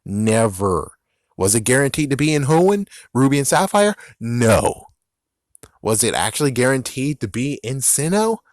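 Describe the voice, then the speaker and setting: A man's voice: mid-range voice, sing-song, measured pace, no room sound, studio quality. A man giving a ranting commentary on games, exasperated and profane, repeating himself as he vents. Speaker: gaming vlogger.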